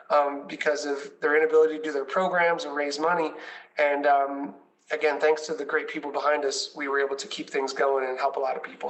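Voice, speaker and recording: A man's voice: on the high side, far from the mic, low-quality recording. A man leading a nonprofit, telling stories with enthusiasm and many fillers in a conversational chat. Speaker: nonprofit leader.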